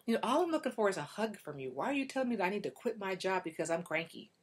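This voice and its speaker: A woman's voice: medium pitch, sing-song, racing, slightly rough. Woman doing an exasperated, fed-up wife. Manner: exasperated, incredulous. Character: fed-up tired wife after work.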